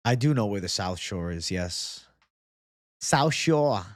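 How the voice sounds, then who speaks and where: A man's voice: lowish voice, expressive, takes it slowly, dry recording, clean studio sound. A young man from Boston hosting a casual live chat. He talks loosely and swears a lot. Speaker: livestream host.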